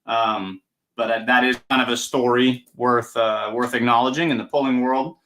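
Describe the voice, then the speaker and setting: A young man, a pulling-event announcer, chatting casually on a podcast and telling a lively story. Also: mid-range voice, normal speed, slight background noise. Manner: lively storyteller, acts out voices.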